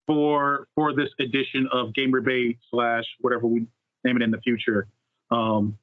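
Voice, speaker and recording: A man's voice: medium pitch, flat delivery, normal speed, dry recording. A man co-hosting a gaming podcast in casual chat, talkative and upbeat with playful puns. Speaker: podcast co-host. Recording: tinny phone-like line, dry.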